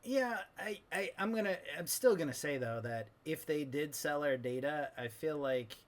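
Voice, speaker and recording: A man's voice: fairly high pitch, expressive, normal speed. Guy putting on a rambling old southern geezer, filtered old-man voice, grumbly and crude. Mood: grumbling. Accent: put-on old-timey Southern. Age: older. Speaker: podcast co-host. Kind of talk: comedic old-man podcast banter.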